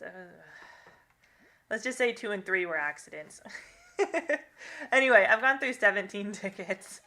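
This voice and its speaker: Bright-sounding young woman live-streaming, rambly and chatty, laughs a lot while reading chat. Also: medium pitch, expressive, measured pace, pauses often.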